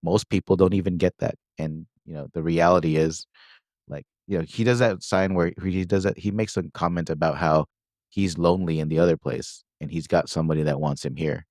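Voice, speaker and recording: A man's voice: low voice, steady tone, fairly quick, darkish tone, no room sound, clean studio sound. A man co-hosting a podcast, casually retelling a movie's plot with lots of fillers and quoted lines. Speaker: podcast co-host recapping a film. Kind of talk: casual chat.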